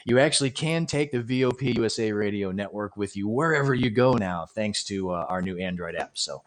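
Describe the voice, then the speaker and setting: A sleepy man co-hosting a live radio show talks in an easygoing, lowish voice. He chats loosely and laughs often between remarks. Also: expressive, a little fast. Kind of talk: casual live radio chat.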